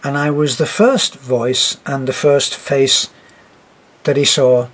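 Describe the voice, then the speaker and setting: A man's voice: medium pitch, steady tone, takes it slowly, fairly bright tone. An older man teaching storytelling, speaking reflectively with wry asides. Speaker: narration teacher. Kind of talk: talk on narrating for children.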